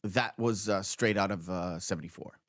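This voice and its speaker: A man's voice: low-pitched, normal speed, a bit bright, no echo. Guy hosting a movie podcast, rambly, lots of uhs, dry close sound. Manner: rambling, many fillers and restarts. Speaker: podcast host. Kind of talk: casual movie discussion.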